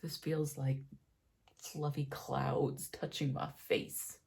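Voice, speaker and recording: Young woman doing her makeup and telling a storytime, gravelly low-key voice, acts out everyone's lines. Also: flat delivery, slow, darkish tone. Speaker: beauty vlogger.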